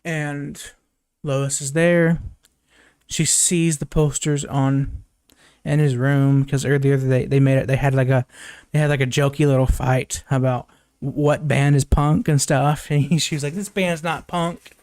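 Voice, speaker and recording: A man's voice: little pitch movement, unhurried, darkish tone, clear, resonant tone, dry recording, studio quality. A young man casually recapping a film as a reviewer, rambling with many fillers and restarts, laughing and swearing now and then. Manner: rambling, many fillers and restarts, jumps high when quoting characters. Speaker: movie reviewer. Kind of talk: casual spoken movie recap.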